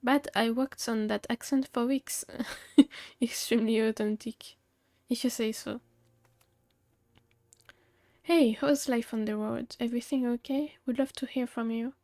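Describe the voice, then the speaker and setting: Woman streamer, higher voice, reads game lines flatly into a desk mic. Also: measured pace, no echo, clean studio sound. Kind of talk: reading game dialogue aloud.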